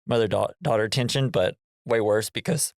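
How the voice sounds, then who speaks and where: A man's voice: lowish voice, moderate pace, gravelly, darkish tone, no echo, studio quality. A man hosting a casual movie podcast, recapping scenes with jokes and laughter and dropping into silly voices. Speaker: podcast host.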